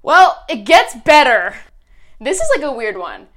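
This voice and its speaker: A young woman, chatting on a podcast. She tells stories animatedly, slipping into the voices of the people in them. Her voice sits slightly high. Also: a little slow. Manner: animated storyteller, acts out old text messages. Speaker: podcast co-host. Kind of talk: casual chat.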